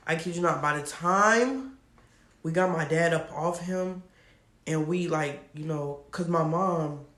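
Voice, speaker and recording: Man, casual storytime vlog, animated, slangy, fairly high voice, gravelly. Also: echoey room. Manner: animated, slangy, laughs often. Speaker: storytime vlogger.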